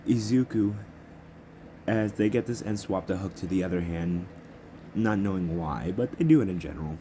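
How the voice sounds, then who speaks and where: A man's voice: sits low, moderate pace, mellow, a little hiss or hum. A young man improvising a fan story as narrator, rambling and correcting himself as he goes.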